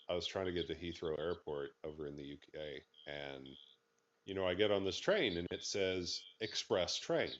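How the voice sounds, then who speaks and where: A man on a video call, telling a relaxed, rambling travel story in casual chat. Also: low-pitched. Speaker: group participant. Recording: dull lo-fi call audio.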